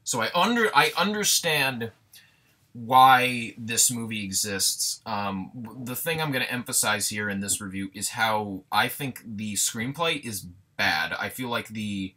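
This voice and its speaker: A man's voice: lowish voice, measured pace, sharp tone. A young man ranting through a casual movie review, sarcastic and exasperated, swearing freely.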